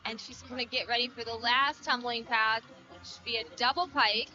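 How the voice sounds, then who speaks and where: A woman's voice: on the high side, steady tone, moderate pace, bright, forceful tone. A woman giving color commentary on a gymnastics meet, enthusiastic and chatty, with a muffled broadcast sound. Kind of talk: sports commentary.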